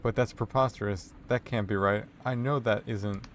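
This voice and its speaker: A man's voice: lowish voice, steady tone, normal speed, a little hiss or hum, natural voice. A man voicing a fussy, prim older female librarian who sweetly evades questions and calls people dearie, in a narrated text game. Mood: shaken.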